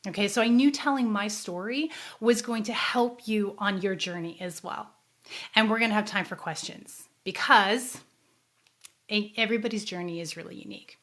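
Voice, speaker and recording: A middle-aged woman hosting her own show as a psychic medium, telling her life story to viewers. She talks casually and earnestly at a middle pitch, with an emotional pull and a softer, quieter voice when she recalls sad memories. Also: normal speed. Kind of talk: casual personal storytelling to a live audience.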